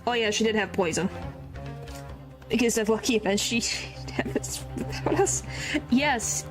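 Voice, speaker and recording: Bubbly woman streamer, bright-ish voice, game music underneath, casual asides. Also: a little high, unhurried. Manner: giggly, chatty asides to viewers. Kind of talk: game playthrough with character voices.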